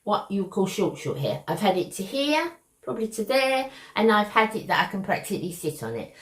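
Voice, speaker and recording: In her beauty vlog, an older East End Londoner with a Cockney accent talks casually and affectionately to camera. Her medium-pitched voice is sing-song and brisk, with a reverberant sound.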